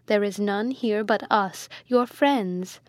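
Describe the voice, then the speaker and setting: A woman's voice: mid-range voice, slow, no echo, clean studio sound, close to an everyday voice. Woman voicing a pleading, devoted noblewoman. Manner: pleading, soothing. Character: anxious, devoted noblewoman, the prince's wife.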